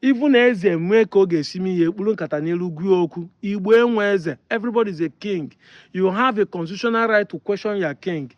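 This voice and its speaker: A Nigerian man talks straight to his audience in a high voice, hammering home each point with insistent repetition. The sound is close and dry, with a slightly dull, lo-fi quality. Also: brisk, no echo. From Delta State, Nigeria. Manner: emphatic, insistent, repeats points. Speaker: online commentator. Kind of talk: opinion monologue to camera.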